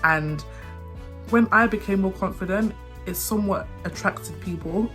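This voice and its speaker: A young adult woman telling a personal story to camera. She talks fast, repeats herself and trips over words now and then. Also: mid-range voice, fairly bright tone. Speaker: vlogger. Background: faint background music.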